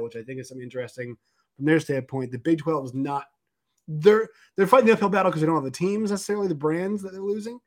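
A man hosting a casual sports podcast, animated and rambling with lots of fillers. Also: fairly high pitch. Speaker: podcast host.

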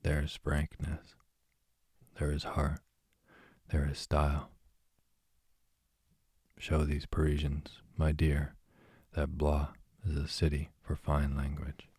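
A man voicing a lively, teasing young woman friend, read in his own slow, soft and even way. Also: extremely low pitch, slightly rough, no room sound, studio quality, full character voice.

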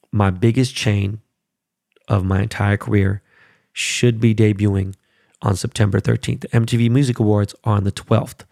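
Gravelly, profane male podcast host. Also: on the low side, no room sound, clean studio sound. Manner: profane, rambling, gets loud and worked up. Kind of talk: casual chat.

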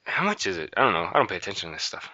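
A man's voice: deep voice, sing-song, very fast, sharp tone, dry recording, lo-fi sound. A man co-hosting a podcast in a casual, playful chat, joking often. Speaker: podcast co-host.

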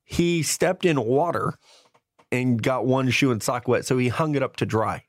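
A man's voice: mid-range voice, normal speed, no echo. Laughing man joking through podcast banter. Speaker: podcast co-host. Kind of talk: casual chat.

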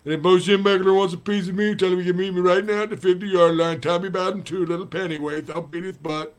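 A man impersonating a gruff old football coach with a lisp, blustering through a fiery pep talk. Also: sits high, fairly even intonation, fast talker, voice pushed up, close to an everyday voice. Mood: defiant. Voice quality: lisping, spitting, blustery. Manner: loud, boastful, rambling threats.

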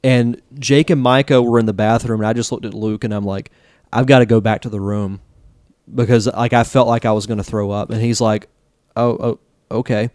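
A man's voice: lowish voice, fairly even intonation, brisk, a little mellow, no echo, studio quality. A young man co-hosting a podcast, casually recounting a memory and laughing along. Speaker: podcast co-host. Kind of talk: casual chat.

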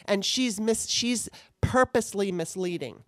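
A woman's voice: mid-range voice, unhurried, no echo, studio quality. A woman co-hosting a podcast over a remote call, ranting heatedly and swearing often in casual political chat. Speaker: podcast co-host.

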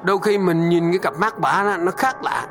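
An older man from Vietnam retelling a family story, animated and repeating words as he goes. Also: high-pitched, fast, noisy background. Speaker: storyteller father.

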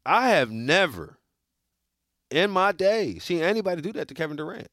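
Male sports talker, casual debate, animated and slangy, fairly high voice. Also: moderate pace, no echo, studio quality. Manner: animated, slangy, emphatic repetition. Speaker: sports podcast co-host.

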